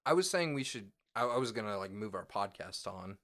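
A man's voice: fairly low pitch, expressive, brisk, fairly bright tone. A man co-hosting a podcast in casual chat, laid-back and jokey, swearing freely. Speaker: podcast co-host.

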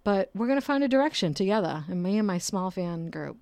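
A woman's voice: medium pitch, expressive, fairly quick, darkish tone, no echo. A woman hosting a casual solo podcast and talking about her work as a nurse, blunt and profane, rambling with frequent fillers. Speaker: podcast host.

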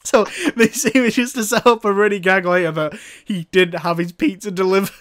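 A man's voice: high voice, normal speed, a bit bright, no room sound. Amused man rambling through a recap. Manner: rambling and amused, often laughing, sarcastic asides. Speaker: film reviewer. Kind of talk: casual comic film recap.

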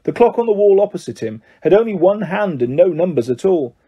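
A man reading a children's fantasy story aloud, narrating in a steady, measured way. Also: high voice, husky, dull audio. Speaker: audiobook reader.

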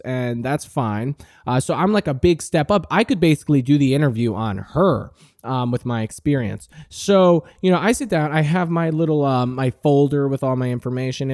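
A man hosting a comedy show in a rambling, profane monologue. His pitch roams widely as he drops to mutters and climbs into loud self-mocking rants, and the sound is close and dry. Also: no room sound. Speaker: podcast host.

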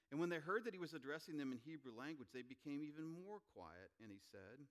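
A pastor preaching to his congregation. His voice swings from loud, emphatic lines down to quiet, soft asides. He reads scripture aloud in between. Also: mid-range voice, lively intonation, normal speed. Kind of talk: sermon.

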